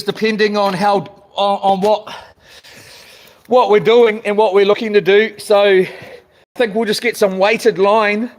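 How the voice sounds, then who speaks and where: A middle-aged man with a New Zealand accent, vlogging casually, frustrated, stumbling and repeating himself as he talks. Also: high-pitched. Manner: frustrated, repetitive, stumbling restarts. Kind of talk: casual vlog rant.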